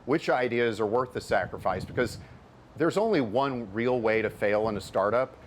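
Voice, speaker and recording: A man's voice: medium pitch, expressive, normal speed, a little hiss or hum. A middle-aged man, a venture capitalist and author, answering interview questions in an explanatory way, often repeating words as he builds a point.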